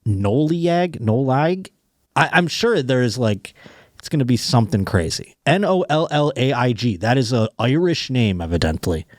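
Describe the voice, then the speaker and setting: A man's voice: mid-range voice, sing-song, normal speed, dry recording, studio quality. A man hosting a comedy podcast, reading news stories aloud with jokes and laughter. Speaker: podcast host. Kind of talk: casual comedic chat.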